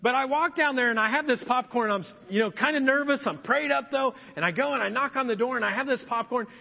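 A man preaches from a church sanctuary, his voice sitting high. He tells stories with animation and slips into other people's voices to act out scenes. The sound is dull and lo-fi, with a long hall echo trailing each phrase. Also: fast, creaky. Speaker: pastor. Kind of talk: humorous storytelling sermon.

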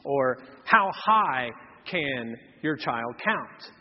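A man's voice: mid-range voice, lively intonation, drawn-out words, slight background noise. A man, preaching a sermon in a folksy storytelling way and acting out the people he quotes. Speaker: pastor. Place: church hall. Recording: dull, reverberant church hall.

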